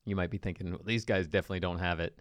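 A man with a very deep voice co-hosts a casual podcast, quick to tease and laugh along. His delivery is dry and close to the mic, with no echo. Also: steady tone. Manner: jokey, laughs easily, teasing. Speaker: podcast co-host.

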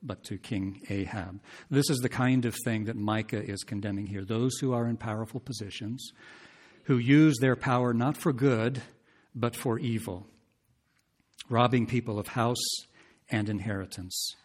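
A man delivers a teaching sermon in an easy, conversational way. His voice sits at a middle pitch, and he often turns to his listeners with questions. When he reads scripture aloud, he lifts it with added emphasis. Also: normal speed, a little mellow. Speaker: preacher. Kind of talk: expository sermon.

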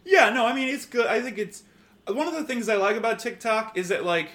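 A man's voice: extremely high pitch, brisk. A man co-hosting a comedy podcast, chatting casually and jumping between topics. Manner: animated, jumps between topics. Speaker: podcast co-host. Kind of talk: casual chat.

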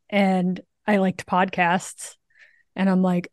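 A woman in her forties talks in an animated, quick way as a guest on a podcast. Her voice sits at a middle pitch, and it is recorded dry and close. Many fillers run through her speech. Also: dry recording. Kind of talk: conversational interview storytelling.

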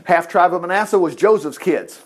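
A man with a high-pitched voice preaches an informal sermon, retelling Bible stories in a chatty, lively way. He drops in joking asides and acts out the quoted lines as he goes. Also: fairly quick.

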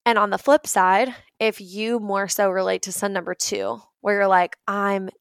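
A woman's voice: mid-range voice, fairly even intonation, normal speed, vocal fry, smooth, no room sound. A young adult woman hosting a casual motivational talk, chatty and earnest, often using "like" as a filler.

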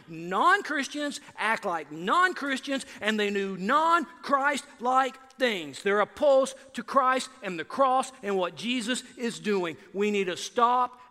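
Sermon pastor, bright high-pitched man, lively and animated, church hall reverb. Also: slow, few pauses. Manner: animated, acts out biblical voices with rising emphasis. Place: church sanctuary.

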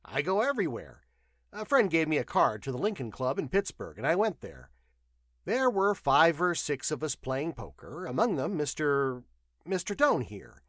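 A man's voice: fairly high pitch, huge pitch swings, normal speed, a bit bright, no room sound, studio quality, pitched above the performer's own voice, full character voice. A man voicing a cheerful, talkative traveling salesman who rattles on heartily in a storybook reading.

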